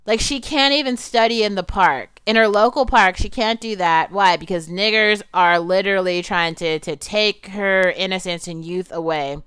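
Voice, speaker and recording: A young adult woman giving casual, animated commentary on a film, outspoken and full of "like", with frequent swearing. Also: mid-range voice, moderate pace, few pauses, clean tone, no room sound.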